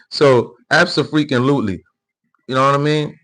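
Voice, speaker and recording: The political stream host lectures his chat directly in a measured, mid-range voice with a slightly bright edge. He stays heated and emphatic, frequently repeating himself and restarting.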